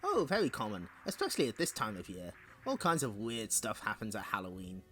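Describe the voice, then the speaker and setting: A man's voice: lowish voice, wildly swooping pitch, a little fast, fairly bright tone, soft background music. A man voicing a fussy, confident male pest controller in a comic read-along, delivering lines in a matter-of-fact way.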